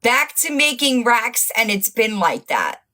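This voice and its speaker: A woman's voice: fairly high pitch, big pitch swings, measured pace, pushed and bright. A woman hosting a casual livestream, mocking and profane, laughing often and losing her voice. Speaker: livestream host.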